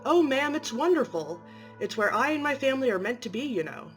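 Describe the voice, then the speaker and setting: A woman's voice: sits high, very animated, a little fast, faint music behind, voice pushed up. A woman voicing a grateful, devoted anomalous being who provides for its family, talking effusively and emotionally. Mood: gushing.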